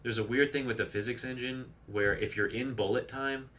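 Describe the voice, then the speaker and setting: A man's voice: mid-range voice, fairly even intonation, moderate pace, fairly bright tone, slight background noise. A man streaming a game live, chatting casually, rambling off on tangents and reading viewer messages aloud. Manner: chatty, rambling, reads chat aloud and explains game tricks. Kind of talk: casual live gameplay commentary.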